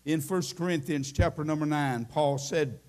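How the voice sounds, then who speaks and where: High-voiced preacher, impassioned. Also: male voice, normal speed. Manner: impassioned, climbing into shouting at the peaks; folksy storytelling with many restarts. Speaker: Baptist preacher. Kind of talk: sermon. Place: church.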